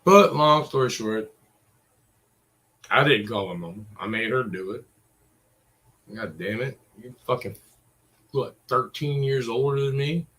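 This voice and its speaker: Slow-talking, cursing man in his forties. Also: medium pitch, lively intonation, a bit bright, poor audio. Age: 40s. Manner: profane, rambling and exasperated. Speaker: vlogger. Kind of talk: casual ranting monologue.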